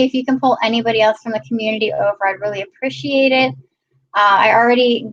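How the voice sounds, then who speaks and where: A chatty woman hosts a casual live stream and greets her viewers one by one. Her voice sits a little high. The audio is dull and lo-fi. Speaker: live-stream host filling in.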